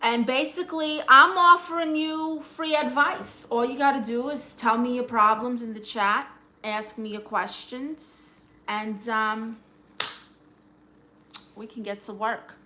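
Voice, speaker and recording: Sassy Brooklyn woman, bright high voice. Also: steady tone, slow pace. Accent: Brooklyn New York. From Brooklyn, New York. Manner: sassy, teasing, calls viewers honey. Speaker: livestream host giving advice. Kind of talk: casual livestream chat, answering comments.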